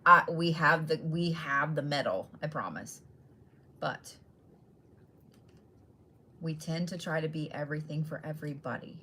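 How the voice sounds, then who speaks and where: Blunt, bright-voiced woman giving zodiac readings. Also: sits low, a little slow, long pauses, a little hiss or hum. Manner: blunt, swears freely, laughs often; direct address to each sign. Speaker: tarot and astrology reader.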